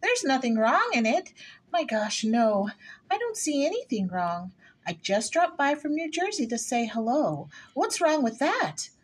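A woman's voice: sits high, big pitch swings, unhurried, breathy edge, full character voice. A woman playing a nervous, flustered married suburban woman, chattering breathlessly in a rehearsed stage play reading. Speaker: actor in a rehearsal.

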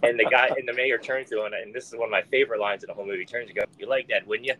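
A man's voice: racing, slight background noise, rough recording. A man in casual movie chat with friends, acting out quotes with big jumps in his voice. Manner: animated, acts out quotes with big pitch jumps. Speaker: podcast co-host.

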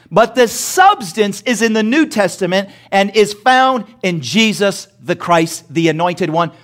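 A man preaching a sermon as pastor, asking the congregation to repeat words after him and building to shouts. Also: high-pitched. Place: church sanctuary.

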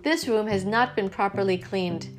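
A fussy, demanding male motel guest, put on by a woman reading a storybook aloud. He complains in an indignant, raised voice, sounding louder than the narration around him. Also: mid-range voice, normal speed, natural voice.

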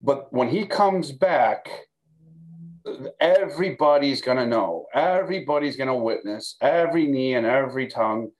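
A man of middle pitch teaches scripture to a camera, talking to his viewers as if they sit in front of him. He talks in a conversational way, restarting phrases and asking "okay?" as he goes. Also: expressive, moderate pace, low-quality recording. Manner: conversational, repeats words, fillers, checks in with "okay?". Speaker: pastor teaching a Bible study. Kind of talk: recorded Bible teaching. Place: recorded for video.

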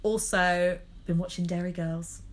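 A woman's voice: on the low side, steady tone, measured pace. A young Englishwoman co-hosting a podcast, chatting casually and gushing about shows, full of "like" and "oh my God". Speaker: podcast co-host. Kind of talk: casual chat.

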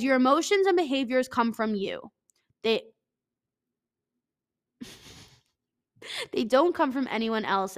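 A woman's voice: mid-range voice, a bit bright. A woman in her twenties with a stuffy nose, talking casually and reading from an article, rambling, profane and self-mocking, with lots of "like.". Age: 20s.

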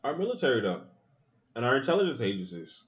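Man, podcast host, loose profane movie-reaction chat, lively swinging pitch, dull lo-fi sound. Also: fast. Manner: animated, profane, thinks aloud with asides. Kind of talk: casual movie reaction commentary.

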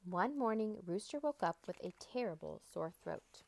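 A woman's voice: medium pitch, lively intonation, moderate pace, creaky, darkish tone, dry recording. A woman hosting a children's story podcast, reading aloud cheerfully.

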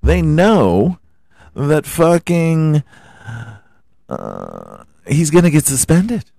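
A man's voice: on the high side, wildly swooping pitch, very slow, creaky, warm tone, no room sound. A man hosting a podcast, ranting about his football team in a heated, profane way and firing off rhetorical questions. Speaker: podcast host. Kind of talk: profane sports rant.

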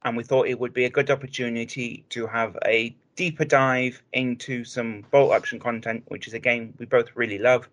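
A man co-hosting a hobby podcast, speaking in a measured, explanatory way with frequent restarts. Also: medium pitch, fairly even intonation, fairly bright tone. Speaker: podcast co-host. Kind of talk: casual chat.

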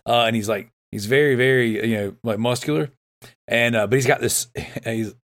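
A man's voice: medium pitch, moderate pace, a bit bright. A man hosting a casual podcast chat, rambling with fillers and frequent laughs. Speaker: podcast host.

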